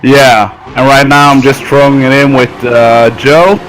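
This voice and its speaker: A man from Norway, a drift driver, chatting in a laid-back way over a video call, with short answers and soft laughs. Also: mid-range voice, flat delivery, a little slow, poor audio. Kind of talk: casual video-call chat.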